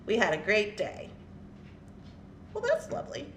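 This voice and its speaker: Animated woman telling a story. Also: medium pitch, unhurried, a little hiss or hum. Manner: animated and blunt, laughing often. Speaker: craft and jewelry channel host. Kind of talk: casual storytelling to viewers. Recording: echoey room with faint ambience.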